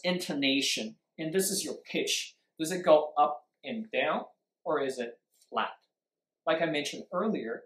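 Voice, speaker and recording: A teacher in a live-streamed English speaking lesson, explaining pronunciation emphatically and acting out example sentences to show stress and rising or falling pitch, with short switches into Mandarin. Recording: roomy echo.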